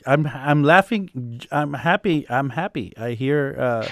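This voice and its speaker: Hosting a live music production Q&A on a video call, a man speaks expressively at a measured pace in a medium-pitched voice. He rambles with lots of fillers and false starts and laughs readily. The recording is dry and studio quality.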